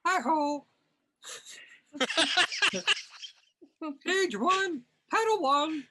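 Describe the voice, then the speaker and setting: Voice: extremely high pitch, expressive, extremely slow, very noisy, voice pushed up, full character voice. A performer voicing a cheerful male puppet frog while narrating comic panels in a dramatic reading. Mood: chipper.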